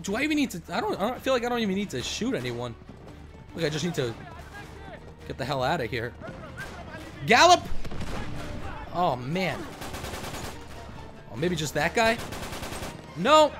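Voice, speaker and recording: A man talks over his gameplay in a high, animated voice that leaps up and down. He reacts loudly and curses freely as he commentates. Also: normal speed, long pauses, faint music behind. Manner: excitable, loud outbursts and cursing. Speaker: gaming commentator. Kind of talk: casual let's-play commentary.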